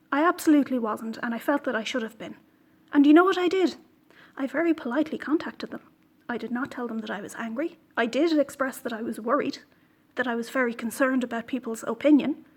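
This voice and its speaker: A woman with a high, light voice hosts a knitting video podcast from home. She talks casually but with pointed indignation, stressing her words and pausing on fillers. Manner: indignant, emphatic, with frequent fillers. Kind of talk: casual vlog monologue.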